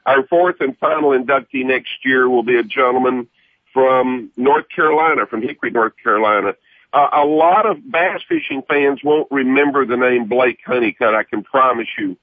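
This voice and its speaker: A man speaks over a phone line as a radio guest, his voice husky and a little rough. The sound is tinny and dry, squeezed into a narrow band. He explains things in an earnest, step-by-step way. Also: medium pitch, normal speed, no room sound. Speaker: radio guest, hall of fame representative. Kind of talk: casual radio interview by phone.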